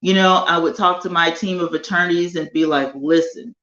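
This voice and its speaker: Woman chatting live w/ her viewers, animated, kinda echoey room, slightly muffled sound. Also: on the low side. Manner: animated, chatty, drawn-out emphasis. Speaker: livestream host. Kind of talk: casual live chat with viewers. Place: home sunroom.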